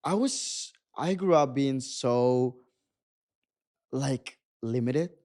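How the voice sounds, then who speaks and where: A man's voice: mid-range voice, drawn-out words. A man, a guest telling a personal story in a casual interview, acting out what people said. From Mexico. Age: 20s. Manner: animated storytelling, acting out dialogue. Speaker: guest photographer.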